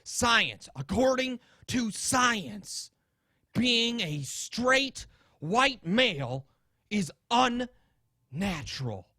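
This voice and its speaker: A man doing an impression of a smug, preachy middle-aged TV science-show host, lecturing in a slow, deadpan way. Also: very high-pitched, dry recording, clean studio sound, pitched above the performer's own voice, full character voice. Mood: mock lecturing. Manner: slow mock-lecturing, deadpan absurd claims. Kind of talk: comedic impression.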